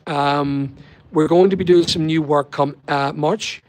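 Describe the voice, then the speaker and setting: A middle-aged man with a Northern Irish accent hosts a casual live stream from his holiday lodging. He rambles from topic to topic and stops to reply to viewers' comments. His speaking voice sits slightly high for a man. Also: steady tone, unhurried, low-quality recording. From Northern Ireland. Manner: rambling, chatty, talks back to viewers' comments. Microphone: laptop or phone on a weak connection.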